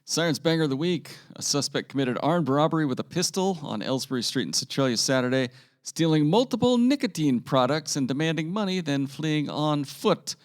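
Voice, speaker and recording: A man's voice: on the high side, expressive, fairly quick. A man co-hosting a local news podcast, reading old newspaper items and chatting with dry, wry humor. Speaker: podcast co-host. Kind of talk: casual news chat and reading old stories.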